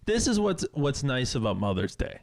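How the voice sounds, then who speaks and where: A man's voice: mid-range voice, normal speed, gravelly. Young man telling rowdy stories. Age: young adult. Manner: animated storyteller, shrieks when imitating others. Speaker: podcast co-host. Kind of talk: casual chat.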